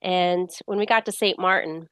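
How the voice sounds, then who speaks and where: A woman's voice: on the low side, moderate pace, clean tone, dry recording. Middle-aged woman with a slight cold. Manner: lively storyteller who acts out quoted dialogue. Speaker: author guest. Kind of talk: casual interview storytelling.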